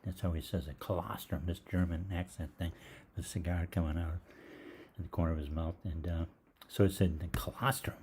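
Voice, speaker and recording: A man's voice: sits low, flat delivery, fairly quick, dark tone, slight background noise. An older man, a holistic gastroenterologist, telling a rambling story in a live Q&A, with many fillers. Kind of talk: live Q&A monologue.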